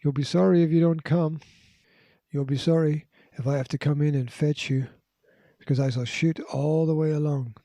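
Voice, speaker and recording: A man voicing a menacing, armed male villain who makes harsh, forceful threats, in a storybook reading. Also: a little high, steady tone, moderate pace, dry recording, lightly acted. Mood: threatening.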